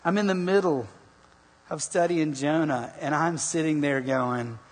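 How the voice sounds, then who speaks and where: A middle-aged male pastor preaching to his congregation with a slightly husky, somewhat high voice. He tells stories with lively rhetorical questions. His voice rings through a large hall with long reverb. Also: a little slow. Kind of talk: sermon.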